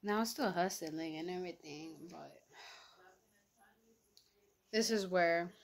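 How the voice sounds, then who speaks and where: A woman's voice: on the low side, slow. A young woman vlogger telling a story in casual, slangy talk full of fillers. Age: young adult.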